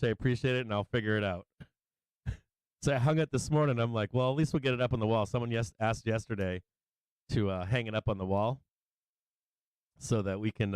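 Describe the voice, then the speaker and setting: A middle-aged man with a low, smooth and resonant voice gives loose live commentary on trading charts. He laughs a lot and swears freely. The sound is dry and close to the mic. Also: darkish tone, no room sound. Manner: laughing, sing-song chanting, swears freely. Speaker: stock market livestream host.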